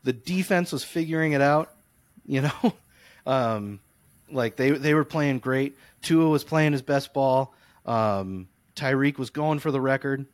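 A young man co-hosts a podcast, spinning a long comic story and launching into rants during casual chat. His mid-range voice moves at a measured pace, animated throughout, in a dry recording.

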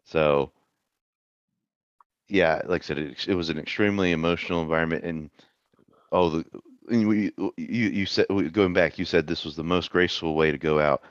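A man's voice: deep voice, moderate pace, no room sound. A man co-hosting a casual sports chat, talking in a dry, sarcastic way. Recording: dull lo-fi mic.

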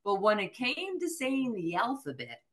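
A woman's voice: on the high side, wildly swooping pitch, moderate pace, slight background noise. A woman from the American Midwest, a podcast guest telling a story in a casual, profane way, laughing often and acting out what people said. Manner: profane, laughing, acts out quoted voices.

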